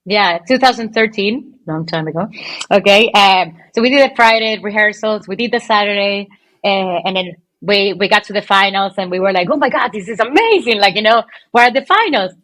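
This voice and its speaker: A woman from Venezuela, a guest telling stories in an animated, chatty way, full of "like" and "okay". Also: medium pitch, normal speed, no echo. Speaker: guest, pole dance champion. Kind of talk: casual interview storytelling.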